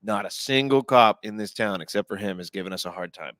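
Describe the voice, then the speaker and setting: A man co-hosting a podcast, chatting casually and relaxed about working in the bar trade. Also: lowish voice, fairly quick, dry recording. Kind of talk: casual chat.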